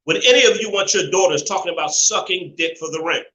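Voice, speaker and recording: A man's voice: high-pitched, fast, sharp tone, roomy sound, poor audio. A man hosting a live call-in stream, talking in an opinionated, preachy way and laughing often as he reads chat messages. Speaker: live show host.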